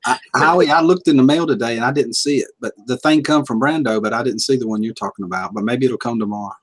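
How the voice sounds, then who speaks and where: Easygoing man with a husky voice. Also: medium pitch, fast. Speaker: livestream participant. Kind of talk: casual chat.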